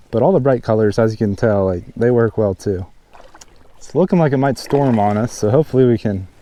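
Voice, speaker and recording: A man hosting a fishing vlog, chatting casually outdoors by a mountain pond and getting excited over each catch. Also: lowish voice, no echo. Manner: chatty, excited when hooking fish. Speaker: fishing channel host.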